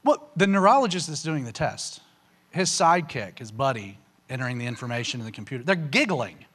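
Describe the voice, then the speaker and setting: A man telling a personal faith testimony to an audience, in a casual, conversational way with lots of "you know" and "man", getting animated at the emotional peaks. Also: brisk, breathy edge. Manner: animated, rising sharply in pitch on emotional punchlines. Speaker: speaker giving a personal testimony.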